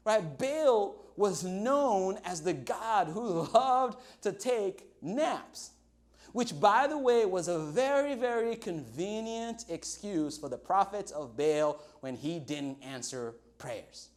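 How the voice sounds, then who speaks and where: A male pastor delivering a chatty, humorous sermon. His voice sits fairly high, and he keeps pulling the listeners in with quick asides. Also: darkish tone. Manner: conversational, humorous, frequent "right?" asides.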